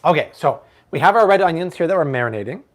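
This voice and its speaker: A man's voice: fairly high pitch, animated, quick pace. A man hosting a live-stream cooking show from his home kitchen, chatting playfully and joking with his viewers. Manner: playful, jokey, puts on mock accents.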